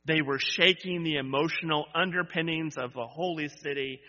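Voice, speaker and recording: In a church sanctuary, a male pastor preaches to his congregation in a fairly high, pushed, bright voice at a moderate pace. He builds to emphatic repeated cries, then drops into conversational asides. The sound is dull, with long church reverb.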